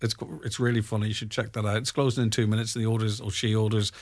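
A man's voice: on the low side, little pitch movement. Chatty wry radio man. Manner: chatty, wry, quick to laugh. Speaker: radio presenter. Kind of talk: casual radio chat.

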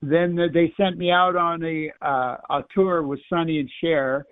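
A man's voice: on the high side, steady tone, a little slow, clean tone, dry recording. Older Californian-accented man, chuckling, rambling phone guest; thin phone sound. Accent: Californian American. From Ireland. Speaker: musician guest. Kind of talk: phone interview. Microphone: phone line. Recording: dry tinny phone line.

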